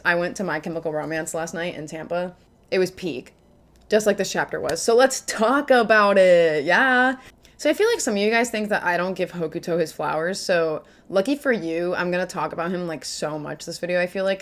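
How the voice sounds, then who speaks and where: A young woman in casual video commentary as a manga reviewer, chatty and joking with lots of filler asides. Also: fairly low pitch.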